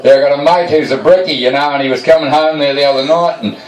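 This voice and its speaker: A man telling funny yarns to a live audience in a slow, dry, yarn-spinning way. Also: on the high side, steady tone. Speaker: storyteller. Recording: echoey room from far off the mic.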